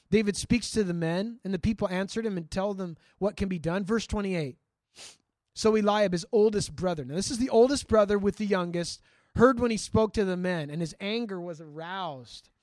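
A male pastor teaching a sermon in a conversational, animated way, acting out scripture and talking straight to his listeners. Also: high-pitched, moderate pace, dry recording, clean studio sound. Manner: frequent restarts and asides to listeners.

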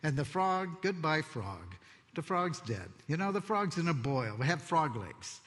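A man preaching a sermon as pastor, expressive and conversational, telling stories with asides. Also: a little high, measured pace. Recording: long hall reverb.

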